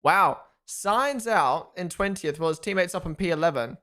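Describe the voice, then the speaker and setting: Excitable guy reacting live to a race on stream, talks to chat a lot, casual. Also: high-pitched, moderate pace. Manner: excitable, chatty, reads out chat and thanks followers. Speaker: streamer hosting a race watchalong.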